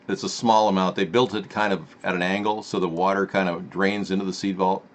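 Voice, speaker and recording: Guy rambling sarcastically on his live political stream, kinda low voice. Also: level tone, fairly quick, a little hiss or hum. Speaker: host.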